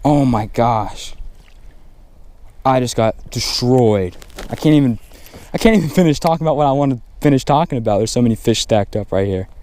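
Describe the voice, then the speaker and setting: A man, talking casually while fishing a windy pond bank, getting excited and repeating himself when a fish bites. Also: mid-range voice, moderate pace. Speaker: fishing vlogger. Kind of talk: casual outdoor vlog commentary. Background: faint wind and outdoor ambience.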